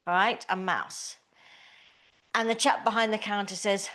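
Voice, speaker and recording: A woman's voice: medium pitch, takes it slowly, long pauses, a bit bright. A woman teaching a small Pilates class, giving encouraging, chatty cues. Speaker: pilates instructor. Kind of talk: live class instruction.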